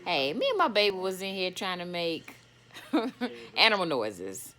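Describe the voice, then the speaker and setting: Playful young woman, bright lively voice. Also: on the low side, a little slow, a little hiss or hum. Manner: playful, laughing often, coaxing. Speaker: vlogger playing with her baby. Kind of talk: casual home video chat. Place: home room.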